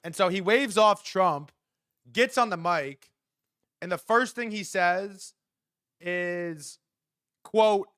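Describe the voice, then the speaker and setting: A young man in his twenties hosting a live stream, talking in a profane, excitable, rambling way. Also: high-pitched, slow, long pauses, clear, resonant tone, dry recording, studio quality. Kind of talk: casual live commentary.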